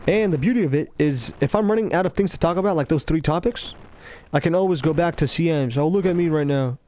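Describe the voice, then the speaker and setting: A man giving casual, rambling commentary over gameplay, talking slowly with a laid-back, self-interrupting, somewhat mumbled delivery. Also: on the high side, darkish tone, slight background noise. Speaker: gaming commentator.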